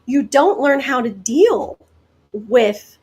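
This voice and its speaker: A woman from the American Deep South, a guest hypnotist telling stories in a casual interview, chatty and quick to laugh. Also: slightly rough, low-quality recording. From Deep South, United States. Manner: chatty, laughs often, lively asides.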